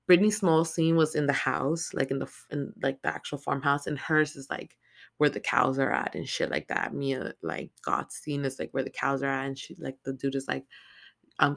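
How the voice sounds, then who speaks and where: A woman talking through a horror film she watched. Her delivery is casual and excitable, heavy on profanity and filler words. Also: very deep voice. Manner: animated, heavy swearing, lots of "like" fillers. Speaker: film recap vlogger. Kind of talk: casual profane movie recap.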